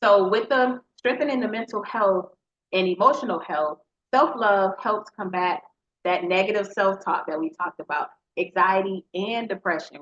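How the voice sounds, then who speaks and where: A woman's voice: medium pitch, a bit bright. A woman hosting a motivational podcast, talking earnestly and directly to her listeners like a preacher. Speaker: podcast host. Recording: slightly dull lo-fi sound.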